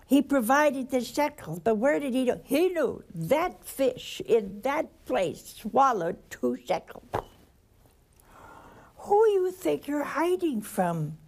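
A woman preaching a sermon, telling scripture stories with lively asides and chuckles. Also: on the high side. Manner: animated storytelling with asides and laughter.

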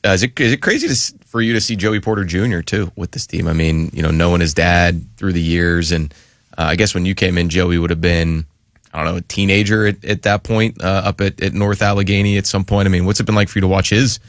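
Deep-voiced sports radio co-host. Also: male voice, steady tone, fast, dry recording, studio quality. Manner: conversational, asks long rambling questions.

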